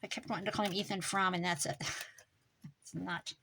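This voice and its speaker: A woman making a craft journal, chatting casually as she works and muttering to herself with quick self-corrections. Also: lowish voice, fairly even intonation, vocal fry, fairly bright tone, slight background noise. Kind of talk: casual crafting vlog, talking while working.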